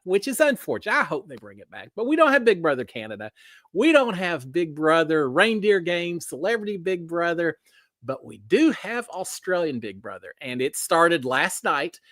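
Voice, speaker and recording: A man's voice: a little high, very animated, moderate pace, a bit bright, no echo, clean studio sound. A man hosting a casual livestream, greeting viewers by name in a folksy way with lots of fillers. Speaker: livestream host.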